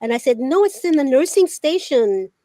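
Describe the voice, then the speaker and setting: An older woman with a high, light voice tells stories in an animated way, slipping into the voices of the people she quotes. The sound is dry and close, with almost no room around it. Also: moderate pace, dry recording. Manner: animated storyteller who acts out quoted dialogue. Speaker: veteran journalist, talk show guest. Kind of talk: casual storytelling.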